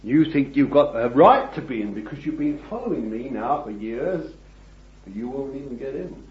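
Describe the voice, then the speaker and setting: A man preaching a sermon, reading scripture and addressing his listeners as beloved, swinging from hushed words to loud ones. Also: medium pitch, lively intonation, normal speed. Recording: dull, echoey old recording.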